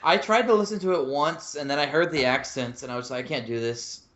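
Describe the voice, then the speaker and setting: A man's voice: fairly high pitch, brisk, fairly bright tone, muffled recording. Joking man as podcast guest. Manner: joking, offhand, mocking. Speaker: guest correspondent. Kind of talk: casual podcast banter.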